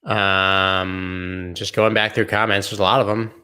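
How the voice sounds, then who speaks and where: A man's voice: low voice, flat delivery, a little slow, bright, forceful tone. A man hosting a casual livestream, joking and riffing while he answers viewer comments. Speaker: host.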